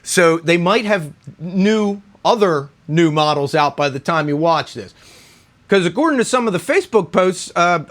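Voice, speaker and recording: A middle-aged man who reviews guitars on YouTube chats casually in his vlog, his voice fairly high and a bit bright. He's a little out of breath after a run and rambles, tossing in "right?" again and again.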